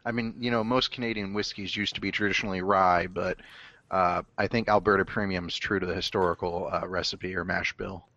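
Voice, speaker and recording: A man's voice: sits low, steady tone, fairly quick, bright, forceful tone, dull audio. A man co-hosting a casual podcast chat, offering knowing, dry asides. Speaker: podcast co-host.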